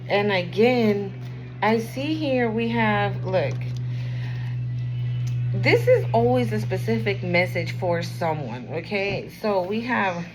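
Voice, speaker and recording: A woman giving a casual spiritual card reading to camera, rambling and encouraging the viewer, sometimes dropping to a quieter murmur. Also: medium pitch, animated, slow pace, music in the background, low-quality recording. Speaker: tarot and oracle card reader.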